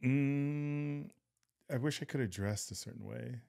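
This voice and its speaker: A man's voice: mid-range voice, unhurried, gravelly. A man co-hosting a podcast in a casual chat, speaking hesitantly with many fillers. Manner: soft-spoken, hesitant, many fillers and backchannels. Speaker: podcast co-host.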